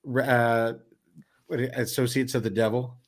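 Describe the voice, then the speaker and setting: A man's voice: medium pitch, level tone, unhurried. A man playing in a tabletop game, making dry, wry remarks. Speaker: player. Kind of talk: casual tabletop play.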